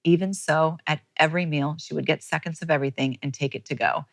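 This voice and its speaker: Creaky-voiced woman telling a personal story. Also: low voice, steady tone, fast, no room sound, poor audio. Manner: heartfelt, emotional at moments. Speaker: podcast host.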